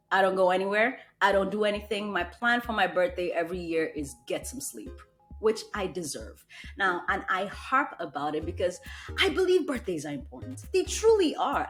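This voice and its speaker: Blunt, emphatic woman podcast host. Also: mid-range voice. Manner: emphatic, blunt motivational pep talk. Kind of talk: casual solo podcast talk.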